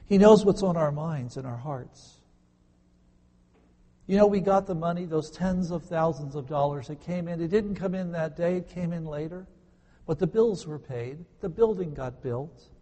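A man preaching a sermon as a pastor, earnest, slowing down to stress key words. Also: fairly high pitch, dark tone. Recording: long hall reverb.

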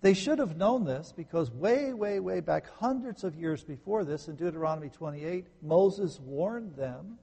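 A man preaching a sermon as a pastor, swinging from emphatic peaks down to quiet low phrases. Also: lively intonation, normal speed, creaky, hardly any pauses, slightly rough. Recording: long reverb in a large hall.

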